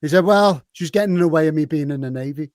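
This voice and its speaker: A man with a Liverpool accent spins a rowdy story in a casual podcast chat, voice sitting a touch high for a man. He swears freely, laughs through his lines and acts out what others said. The sound is dry and close. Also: fast talker, a little mellow, no echo. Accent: Liverpool English. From Liverpool, England.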